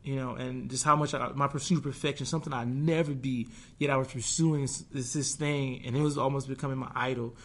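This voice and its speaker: Young man, interview guest, earnest, reflective, halting restarts, mid-pitched voice. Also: fairly even intonation. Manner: acts out his own past thoughts in quoted asides. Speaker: guest, pro football player. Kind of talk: candid conversational interview.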